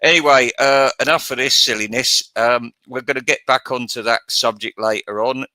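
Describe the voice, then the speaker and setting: A man's voice: mid-range voice, steady tone, moderate pace, pushed and bright, no room sound. Crude ranting man. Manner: crude, profane, rambling and mocking. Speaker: channel host. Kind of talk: ranting casual monologue.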